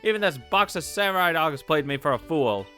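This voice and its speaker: A man voicing a shrill, nagging elderly female guard who fawns and scolds by turns. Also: sing-song, fairly quick, bright, forceful tone, faint music behind. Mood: aggrieved. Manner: screechy, fawning and scolding by turns.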